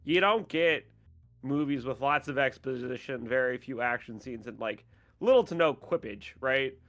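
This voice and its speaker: Bright-voiced sarcastic man ranting. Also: medium pitch, moderate pace, faint music behind. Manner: sarcastic, mock-outraged rants. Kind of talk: casual podcast chat.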